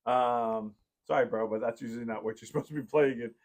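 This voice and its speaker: A man's voice: mid-range voice, steady tone, a little fast, a little mellow. Rambling, heartfelt man hosting a podcast. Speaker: podcast host; parent. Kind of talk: casual chat.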